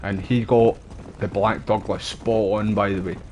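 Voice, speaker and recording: A Scottish man with a lowish voice chats casually as he streams a game. He rambles from one story to the next in a relaxed, slangy way, with faint game sounds behind him. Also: unhurried, a little hiss or hum. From Scotland. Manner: rambling, chatty, uses local slang. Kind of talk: casual gameplay chat.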